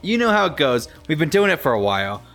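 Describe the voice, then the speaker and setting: A man's voice: a little high, very animated, quick pace, fairly bright tone, faint music behind. A man co-hosting a podcast, chatting casually, rambling with many restarts and frequent laughs. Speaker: podcast co-host. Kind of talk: casual chat.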